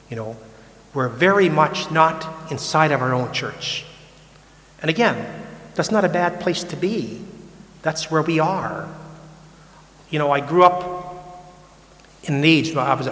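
A man's voice: mid-range voice, a bit bright. An older man, a Catholic priest, preaching in a casual, frank way that often repeats and restarts words. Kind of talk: conversational sermon. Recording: echoey hall with long reverb.

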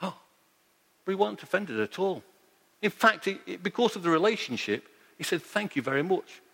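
A man's voice: high-pitched, sing-song, normal speed, vocal fry, a bit bright, breathy edge. Earnest preacher man in a reverberant hall. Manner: earnest storytelling, repeats his point. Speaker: pastor. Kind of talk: sermon.

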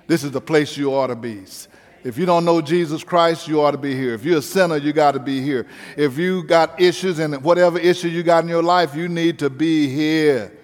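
A man's voice: fairly high pitch, big-room sound. A male pastor preaching a sermon with an emphatic, repetitive cadence.

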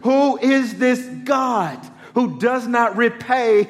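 A man's voice: very high-pitched, takes it slowly, long reverb tail. A male pastor preaching a sermon, building to urgent rhetorical questions.

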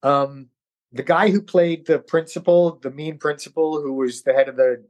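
Speaking at normal speed in a slightly high voice, a middle-aged man from New York, appearing as an actor guest, tells stories in a casual interview. He's animated and does the voices of people he quotes.

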